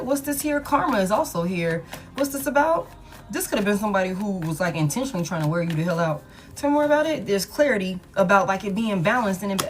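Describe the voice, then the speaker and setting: A woman giving a live tarot reading, talking casually and profanely to her viewers. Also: mid-range voice. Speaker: tarot reader.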